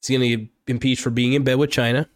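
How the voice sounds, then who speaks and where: A man rants into a close mic, angry and rambling, swearing often. His voice sits in a middle pitch and sounds dry, with no room echo at all. It is an unscripted, heated vlog monologue. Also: level tone, quick pace. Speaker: political vlogger. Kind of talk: unscripted political rant.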